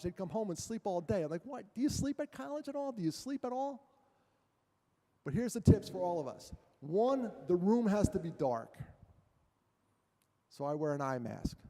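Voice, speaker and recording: A middle-aged man talks to an audience in a large hall, his voice echoing with a long tail. His tone is mellow and a bit high for a man. He tells stories in an animated way, acts out quotes and jokes with the crowd. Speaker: guest speaker. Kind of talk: motivational talk to an audience.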